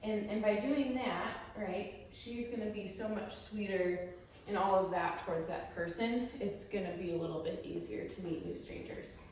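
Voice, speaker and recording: A woman dog trainer explaining her methods while she works with a dog, breaking off to praise it in a high voice. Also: normal speed, darkish tone, heavy reverb, distant mic, a little hiss or hum, rough recording.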